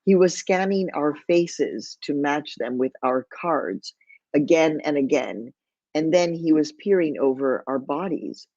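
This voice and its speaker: A woman's voice: deep voice, expressive, measured pace, mellow, dry recording. Woman reading vivid memoir aloud. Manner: vivid storytelling, slips into Spanish phrases. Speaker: author. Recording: dull, lo-fi, dry.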